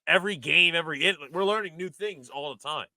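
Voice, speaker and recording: A man's voice: fairly high pitch, fast, sharp tone, no room sound. A man co-hosting a sports podcast, talking in a passionate, rambling casual way with lots of "like". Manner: passionate, rambling, heavy use of "like". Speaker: podcast co-host.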